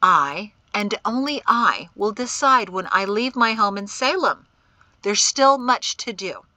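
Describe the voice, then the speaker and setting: A cool, resolute young woman, steady and unbending, as read by a woman narrator. The voice is bright, with a lively, rising pitch and a slow pace, in a storybook reading. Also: no echo, highs cut off. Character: calm, determined young woman leader.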